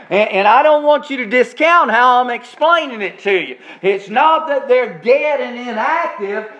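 Guy preaching a sermon, drawn-out emphatic lines, kinda muffled recording. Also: very high-pitched, a bit bright. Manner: preaching with slow, drawn-out emphasis on key words. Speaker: pastor.

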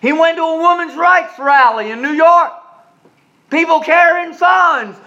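A male pastor preaching a sermon, telling stories dramatically and swinging between loud and hushed delivery. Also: extremely high pitch, normal speed. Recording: dull lo-fi recording.

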